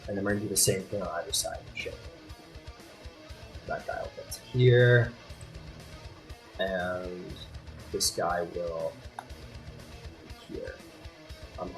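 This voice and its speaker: A man narrating as game master of a tabletop game, chatty and quick to apologize. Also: lowish voice. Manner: lively, chatty, apologetic asides. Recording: faint guitar music behind.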